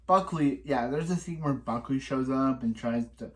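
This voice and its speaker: A man's voice: medium pitch, normal speed. Rambling man recapping an episode. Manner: rambling with many restarts and repeated phrases; exasperated complaining. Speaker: reaction video host.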